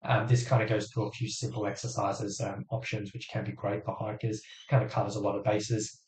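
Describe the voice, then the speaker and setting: A man hosting a live fitness Q&A who explains things step by step in a casual way, with lots of fillers, while his voice is going hoarse. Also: on the low side, flat delivery, brisk. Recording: roomy echo.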